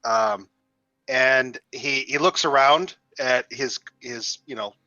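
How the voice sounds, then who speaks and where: A man narrating a tabletop game as game master, halting and restarting often. The recording sounds slightly dull and dry. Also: medium pitch, pushed and bright, dry recording. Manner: halting, many fillers and restarts.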